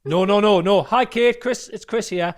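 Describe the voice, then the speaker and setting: A man's voice: sits high, moderate pace. A man co-hosting a podcast, chatting casually in teasing, exasperated banter. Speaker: podcast co-host. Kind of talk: casual chat.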